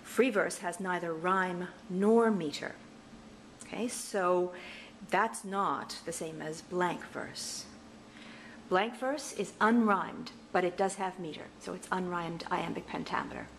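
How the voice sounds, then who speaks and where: Female lecturer, unhurried delivery, patient and explanatory, faint hiss under the voice. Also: fairly low pitch. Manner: patient and explanatory, chanting stress patterns aloud. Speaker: literature instructor. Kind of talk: recorded lecture explaining poetic meter.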